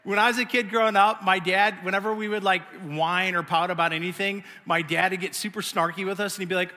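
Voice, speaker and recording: Bright, high-voiced pastor in a reverberant hall. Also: male voice, quick pace, hardly any pauses, a little hiss or hum. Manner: animated storytelling, acting out his own pouting. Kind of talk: sermon.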